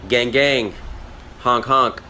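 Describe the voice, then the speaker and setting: A man's voice: mid-range voice, fairly even intonation, extremely slow, bright, forceful tone. A man from Central California, a viewer asking a question in a friendly, laid-back self-recorded video message.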